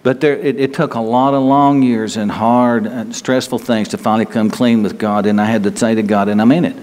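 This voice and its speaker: A man preaching a sermon in a conversational, halting way, often restarting his sentences. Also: medium pitch, steady tone, a little mellow, big-room sound.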